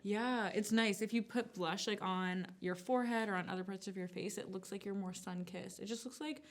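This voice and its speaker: A woman's voice: mid-range voice, fairly even intonation, normal speed. A woman from Virginia who is a guest on a makeup video, chatting in a supportive, playful way. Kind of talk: casual chat while doing makeup.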